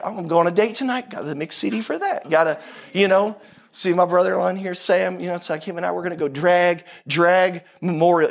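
A man's voice: high-pitched, gravelly. A man in his thirties preaching a sermon in a conversational, storytelling way, with self-deprecating humor. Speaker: pastor.

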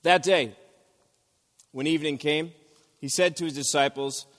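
A man in his thirties delivers a sermon as an animated storyteller, acting out scenes and breaking into loud outbursts. His voice sits a touch high for a man. Long reverb from a large hall trails each phrase. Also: unhurried. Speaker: pastor.

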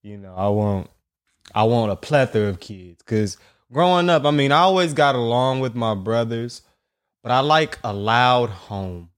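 A young man hosting a podcast, telling a story in an animated, profane, slang-heavy solo rant. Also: medium pitch, normal speed, clear, resonant tone. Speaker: podcast host.

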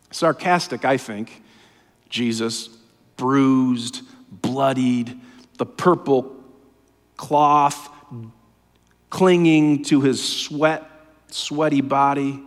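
A man preaching a sermon, impassioned and often dropping to a hushed, low voice. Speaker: pastor. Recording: long hall reverb.

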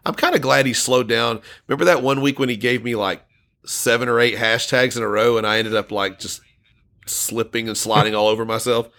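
A man's voice: medium pitch, fairly even intonation, fairly quick, pushed and bright. A man co-hosting a casual podcast, reading out listener comments and laughing often. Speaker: podcast co-host.

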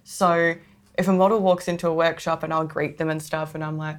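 Australian woman co-host, chatty and self-mocking, slightly low pitch. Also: flat delivery, fairly quick. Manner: chatty, self-deprecating, laughs often. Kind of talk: casual podcast chat.

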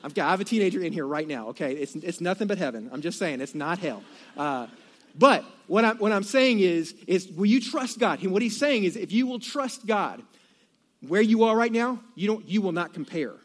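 A middle-aged man preaching a sermon in a notably high voice. He is animated and jokey, and his delivery swells toward near shouting. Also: moderate pace. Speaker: pastor.

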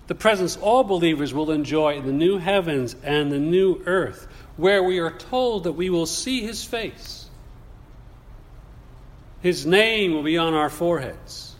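A man preaching a sermon in a measured, deliberate way, putting rhetorical questions to his congregation. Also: a little high. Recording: long reverb of a large hall.

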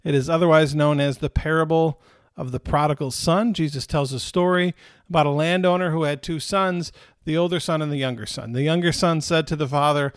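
Male pastor, sermon, conversational delivery, slightly high voice, dry sound. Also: steady tone, a little fast, smooth, dry recording. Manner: conversational, repeats phrases for emphasis.

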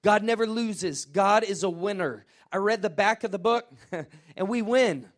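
A middle-aged pastor, preaching a lively sermon and calling out to his congregation. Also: high voice, measured pace. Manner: energetic, call-and-response with congregation. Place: church sanctuary.

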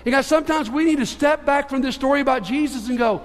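A man preaching a sermon as a pastor, telling stories in an animated way and moving between hushed and emphatic delivery. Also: very high voice, fast talker, long reverb tail. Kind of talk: sermon with storytelling.

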